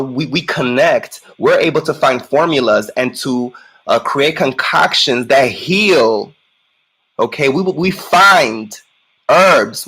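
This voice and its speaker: A man's voice: on the high side, fairly bright tone, slightly rough, poor audio. A man co-hosting a sassy reaction commentary, campy, profane and emphatic. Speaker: co-host.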